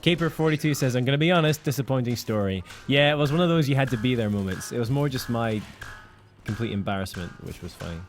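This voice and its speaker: A man's voice: medium pitch, fast, faint music behind. A man from the United Kingdom co-hosting a live game stream, chatting casually and reading out viewer comments.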